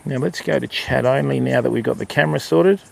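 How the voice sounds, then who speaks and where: A man's voice: medium pitch, brisk, gravelly. An older Australian man chatting casually on a riverside fishing livestream, answering viewers and calling them mate and bud. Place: outdoors by a river.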